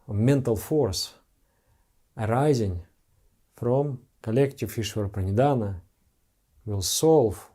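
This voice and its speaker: A man's voice: medium pitch, takes it slowly, pauses often, warm tone. A man who is a spiritual teacher, giving an earnest, heartfelt devotional talk to followers in simple broken English.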